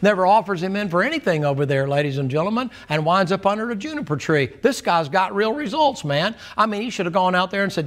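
High-voiced folksy preacher. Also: male voice, fast, hardly any pauses. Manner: folksy, animated storytelling. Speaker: pastor. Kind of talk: sermon.

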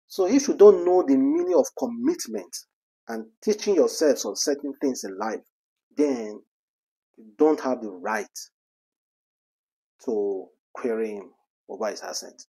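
A man giving animated, scolding celebrity gossip commentary full of rhetorical questions. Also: medium pitch, measured pace, slightly rough.

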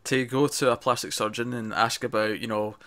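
A man co-hosting a casual episode review, animated and laughing often. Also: mid-range voice, a little fast. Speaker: podcast co-host.

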